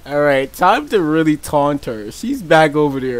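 A man's voice: lively intonation, normal speed, few pauses. A young man doing gameplay commentary as a YouTuber, joking and teasing, often breaking into laughter. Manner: laughs often, shrieks high when chased; joking, teasing trash talk. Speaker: gaming YouTuber.

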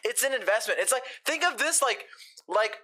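A man's voice: lively intonation, moderate pace, sharp tone. A young man streaming, chatting casually with his viewers in a rowdy, joking way and swearing often. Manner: rowdy and joking, swearing, swinging between deep and high put-on voices.

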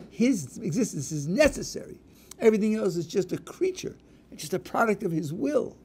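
A man's voice: medium pitch, darkish tone, husky. A man, a rabbi, answering audience questions in a lecture, emphatic and explaining with worked examples and repeated stresses.

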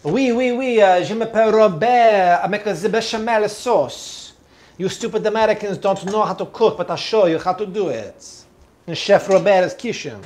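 A man's voice: high-pitched, moderate pace, darkish tone, pitched above the performer's own voice, close to an everyday voice. A man voicing a pompous male French chef in a put-on fake French accent, theatrical and sing-song. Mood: mock-pompous.

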